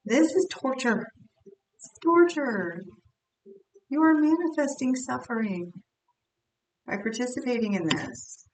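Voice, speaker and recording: A woman's voice: high-pitched, lively intonation, slow pace, long pauses, a little mellow. A woman giving a tarot card reading in a blunt, chatty way, often repeating herself. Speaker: tarot reader. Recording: roomy echo, distant mic, faint noise.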